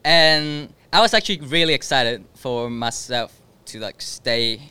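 A young man in his late teens, a guest in a casual chat, talking softly and hesitantly with many fillers. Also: medium pitch, a little slow, clean tone, no room sound. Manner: soft-spoken, hesitant with fillers.

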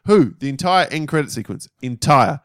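A man's voice: mid-range voice, expressive, normal speed, no echo, clean studio sound. A man co-hosting a film review podcast in casual chat, blunt and emphatic, swearing freely.

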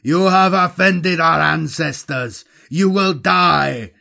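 A man's voice: mid-range voice, unhurried, vocal fry. A man voicing an old, proud tribal war commander who speaks with defiant gravity. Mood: shouting. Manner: shouting, defiant.

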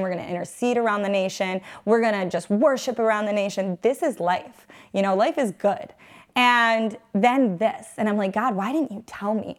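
Earnest woman, 30s, emotional testimony-style storytelling in an interview. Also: mid-range voice. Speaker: guest, mother.

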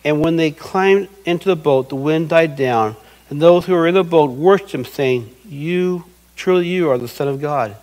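A man's voice: fairly high pitch, moderate pace, darkish tone, low-quality recording. A middle-aged man preaching a sermon as pastor, earnest and acting out quoted voices.

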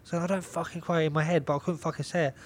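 A young man, a pro boxer guesting on a podcast, telling a story in an animated, repetitive way, swearing constantly and laughing often. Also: on the high side, rapid-fire, a little hiss or hum. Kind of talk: casual storytelling chat.

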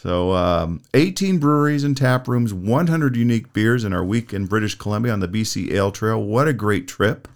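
A middle-aged man hosting a casual beer podcast, telling stories with animated energy. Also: lowish voice, moderate pace, few pauses. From Southern California. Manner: storytelling, animated. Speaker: podcast host.

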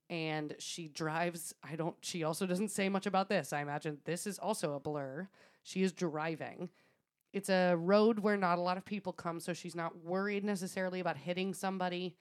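A woman with a somewhat low voice tells a story to a friend in a loose, chatty way. She laughs often and swears freely as she talks. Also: moderate pace. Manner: laughing, swearing, animated retelling. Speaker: podcast co-host. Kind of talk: casual storytelling chat.

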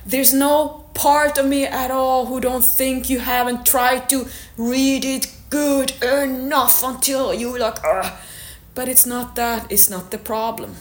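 A woman's voice: high-pitched, steady tone, unhurried, few pauses. A woman fitness coach giving a blunt, candid motivational monologue and swearing now and then. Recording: echoey room.

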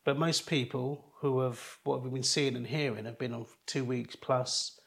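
A middle-aged man, appearing as an interview guest, tells a personal story earnestly, haltingly, restarting often. His mid-range voice is gravelly, with fairly even intonation.

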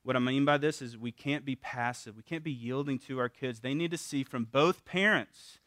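A middle-aged man giving a casual, animated talk at a parenting seminar, often acting out what parents and kids say in a raised voice. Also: medium pitch, normal speed, no echo, clean studio sound. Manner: animated, acts out parents' and kids' quotes in a raised voice; casual, with repeated words and restarts. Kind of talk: conversational teaching talk.

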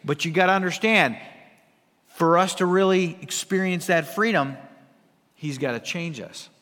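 A man preaching a sermon as pastor, swinging between hushed asides and loud emphatic lines, with humor. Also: sits high, normal speed. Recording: long reverb of a large hall.

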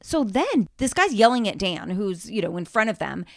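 A middle-aged woman telling stories in casual chat, animated, swearing and laughing as she goes. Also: mid-range voice, normal speed, gravelly, dry recording, clean studio sound. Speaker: storyteller.

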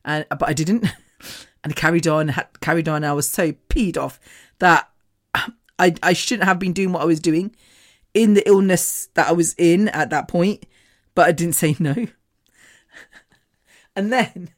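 Speaking unhurriedly with long pauses, a podcast host shares a personal story in a low-sitting voice. She's candid and conversational in this relaxed storytelling monologue, frequently breaking into laughter between sentences.

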